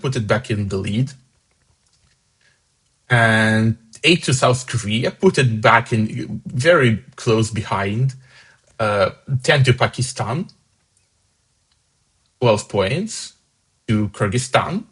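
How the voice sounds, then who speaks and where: Man, husky voice, casual vote-by-vote commentary, chatty, fan song contest host. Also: on the low side, animated, slow, pauses often, a bit bright, rough recording. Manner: casual, chatty, upbeat about scores. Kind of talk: live commentary reading out votes.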